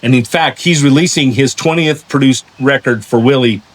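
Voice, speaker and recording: A man hosting a podcast, telling long stories in a lively way, with many restarts and repeated words. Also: mid-range voice, moderate pace. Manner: animated storyteller, acts out voices in anecdotes. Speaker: podcast host. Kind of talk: casual interview chat.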